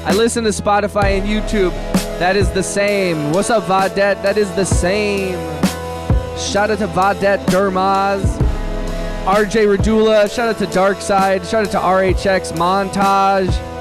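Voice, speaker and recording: A man hosting a music production livestream, chatting casually in an upbeat, rambling way, giving quick shout-outs and restarting his sentences. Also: high-pitched, little pitch movement. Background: his own beat playing.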